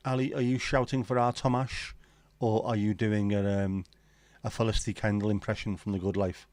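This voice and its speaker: With a flat delivery at normal speed, this middle-aged man's lowish voice sounds a little mellow on a dry recording. He hosts a livestream, casually reading viewer comments and bantering in a jokey, pub-like way.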